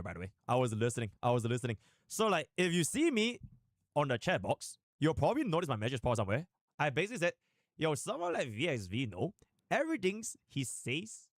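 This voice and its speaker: A male live streamer chats to his audience in an animated, rambling way. His pitch swings widely from line to line, and he breaks into sudden fast bursts. The sound is dry and close. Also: dry recording. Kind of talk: casual live-stream chat.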